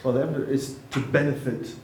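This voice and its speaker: A man's voice: medium pitch, fairly even intonation, a little mellow. Man tutoring, thinking aloud. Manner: thinks aloud, halting, self-correcting. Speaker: English writing tutor. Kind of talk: classroom editing session. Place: classroom. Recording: echoey room with faint noise.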